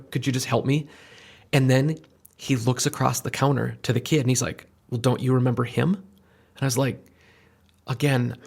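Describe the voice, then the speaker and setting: A man hosting a podcast, chatting casually and telling an animated story, acting out the voices of the people in it. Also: mid-range voice, gravelly. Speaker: podcast host. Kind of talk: casual chat.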